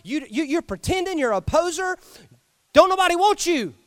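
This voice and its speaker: A man's voice: very high-pitched, big pitch swings, moderate pace, no echo, studio quality, pitched above the performer's own voice. A man preaching, putting on the voice of a scornful devil who taunts the listener. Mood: jeering. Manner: jeering, loud.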